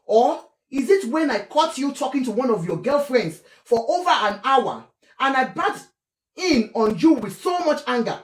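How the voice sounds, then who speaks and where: A Nigerian woman giving animated, scolding commentary on celebrity gossip, slipping between English, Yoruba and Pidgin. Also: high voice, normal speed, echoey room. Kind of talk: casual commentary vlog.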